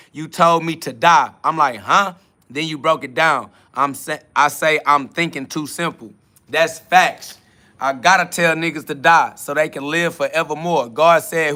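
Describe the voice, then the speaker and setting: A man's voice: on the high side, sharp tone. A man hosting a spiritual podcast, answering chat comments in a casual, emphatic preaching style with street slang and repeated catchphrases. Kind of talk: casual self-affirmation sermon.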